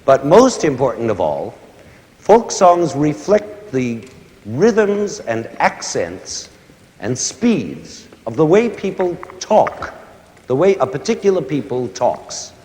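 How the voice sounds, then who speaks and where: A man explaining music to young listeners, his voice rising and falling with lively expression. He stops to sing and hum short examples. The sound is roomy, with a long concert-hall reverb. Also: fairly high pitch, takes it slowly. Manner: animated, sings and hums examples. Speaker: conductor giving a concert lecture.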